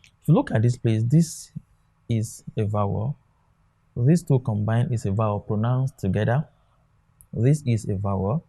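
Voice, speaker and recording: A man's voice: medium pitch, vocal fry, dark tone. A man teaching an exam-prep lesson, often asking a question and answering it himself. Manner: drilling, asks questions then answers them himself. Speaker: English tutor.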